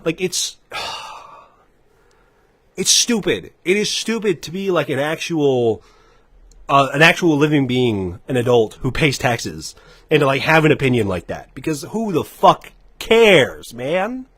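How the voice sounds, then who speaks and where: A man's voice: medium pitch, expressive, measured pace, fairly bright tone, no echo. A man co-hosting a gaming livestream, ranting in a heated, profane way. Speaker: gaming podcast co-host. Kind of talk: casual livestream chat.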